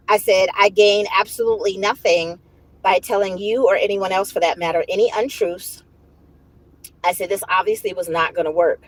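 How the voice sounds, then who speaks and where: A woman hosting a livestream, casually retelling a story to her viewers in a profane, animated way, often breaking into laughter. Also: medium pitch, fairly quick, no room sound, low-quality recording. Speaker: livestream host.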